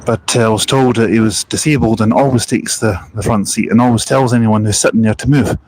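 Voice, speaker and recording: A man's voice: on the low side, steady tone, brisk, a little mellow, no echo, rough recording. A man live streaming, casually recounting a bus encounter in a conversational way with frequent fillers. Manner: conversational, frequent "you know" and "but, uh".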